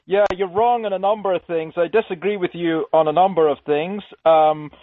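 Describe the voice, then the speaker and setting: A man's voice: sits high, steady tone, moderate pace, dry recording. Male caller on a tinny phone line. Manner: earnest, polite, philosophical. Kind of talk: call-in on radio.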